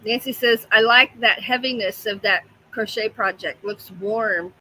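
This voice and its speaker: Chatty woman host, bright voice, unhurried delivery, home livestream, light room noise. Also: on the high side, low-quality recording. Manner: chatty, talks to her pets and reads viewer comments. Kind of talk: casual livestream chat.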